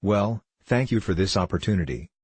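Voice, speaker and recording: A low, husky-voiced man shares anecdotes as an interview guest, relaxed and gently self-mocking. He talks over a video call from a room at home, and his voice comes through dry and close. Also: fairly quick, no echo. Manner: wry, self-deprecating anecdotal delivery. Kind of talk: relaxed storytelling in a conversational interview.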